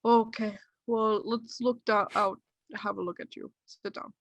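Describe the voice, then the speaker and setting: A woman's voice: mid-range voice, fairly even intonation, unhurried, no room sound, muffled recording. A woman voicing a frantic, fussy older male village doctor with worried, urgent questions. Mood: concerned.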